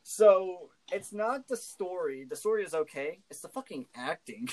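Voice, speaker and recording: A man's voice: sits high, moderate pace, a crowd in the background, rough recording. A man co-hosting a casual podcast chat, swearing freely, laughing often and telling stories with animation. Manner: profane, laughing, animated storytelling. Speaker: co-host.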